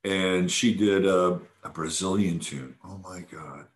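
In a slow, low-pitched voice, a man hosting a podcast excitedly describes a weekend event. He speaks casually, restarting often and leaning on filler words.

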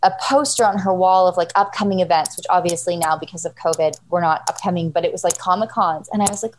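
A woman's voice: on the low side, fairly quick, a little hiss or hum, poor audio. A woman in her thirties telling a funny story in casual chat, acting out the people she quotes and laughing often. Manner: animated storyteller, acts out quoted voices, laughs a lot.

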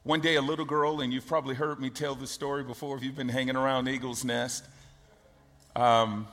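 A man's voice: medium pitch, level tone, a little fast, long reverb tail, music in the background. A man preaching a sermon as pastor, emphatic and rhythmic, building through repeated phrases.

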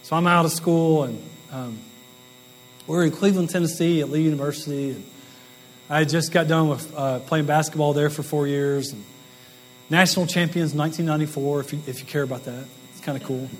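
A man's voice: a little high, fairly even intonation, fairly quick, a little hiss or hum, rough recording. A man in his late forties, from the Southern United States, giving a rambling, self-deprecating storytelling talk as a guest business speaker. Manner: rambling, folksy and self-deprecating, with asides and laughs.

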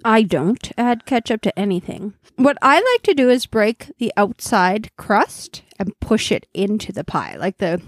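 A woman's voice: medium pitch, big pitch swings, a little slow, few pauses, dry recording, clean studio sound. A woman co-hosting a podcast, chatting casually as she tastes food, laughing often and talking with her mouth full. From Canada. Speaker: podcast co-host. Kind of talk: casual food-tasting chat.

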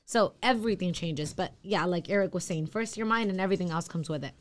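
Woman, lower voice, hesitant church-group speaker, lots of fillers. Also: fast. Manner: hesitant, many filler likes and restarts. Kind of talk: casual church group discussion.

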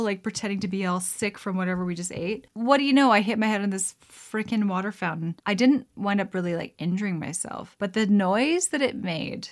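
Twenty-something canadian girl rambling through her stories, lots of "like" and laughing, mid-pitched voice. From Alberta, Canada. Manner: chatty and expressive, laughs often, many "like" fillers. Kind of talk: casual personal storytelling.

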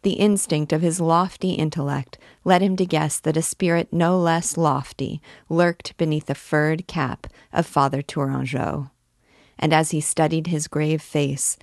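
Low-voiced woman reading a novel aloud. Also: creaky, dry recording, clean studio sound. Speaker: literature teacher reading aloud. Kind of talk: book reading with commentary.

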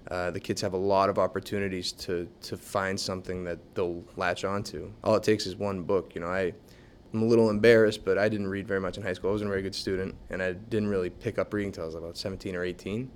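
A man who works as a special education teacher, talking in a relaxed, reflective way in an interview. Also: deep voice, quick pace, a little hiss or hum. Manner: relaxed, reflective, many fillers. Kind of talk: casual interview talk.

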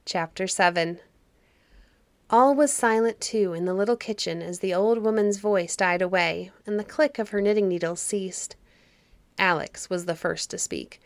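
A woman narrating a children's fairy story audiobook in a calm, measured way. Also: medium pitch, dry recording.

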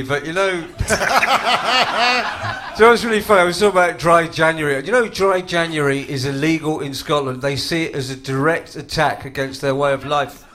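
A man delivering deadpan one-liners on a comedy panel in a live club. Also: fairly high pitch, background noise. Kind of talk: live stand-up banter.

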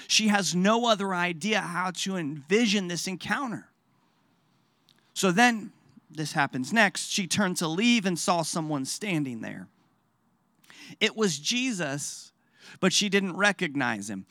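A man preaching a sermon. He speaks emphatically, repeats phrases for weight, asks rhetorical questions and lets his phrases fall quiet and low at the end. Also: no echo. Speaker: pastor.

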